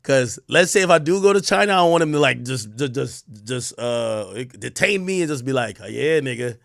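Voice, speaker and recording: A man hosting a live stream, telling a story in animated casual talk with swearing and laughter. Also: medium pitch, normal speed, gravelly, no echo, clean studio sound.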